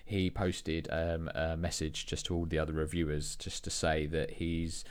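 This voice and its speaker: An English man co-hosting a casual podcast chat, relaxed and self-deprecating, with many ums and uhs. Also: rumbling low, moderate pace, smooth. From England. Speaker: podcast co-host.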